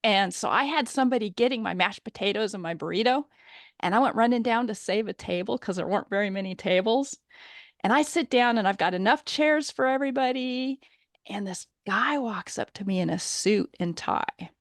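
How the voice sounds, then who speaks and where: A woman's voice: mid-range voice, a little fast, no room sound, clean studio sound. A woman guest, a courage coach, telling a funny story on a video call and laughing often as she goes.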